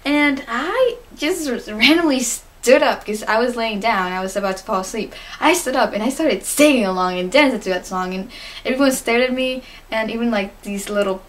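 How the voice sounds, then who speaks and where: A woman's voice: fairly high pitch, moderate pace. Chatty teenage girl gushing on a vlog. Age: teens. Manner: chatty, giggly, gushing, many fillers. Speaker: fan answering interview questions. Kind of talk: casual vlog monologue.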